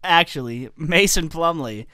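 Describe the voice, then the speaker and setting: Bright, brisk male podcast co-host. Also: on the high side, lively intonation, clean tone, dry recording. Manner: brisk, steers the story, cuts in. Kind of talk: casual sports chat.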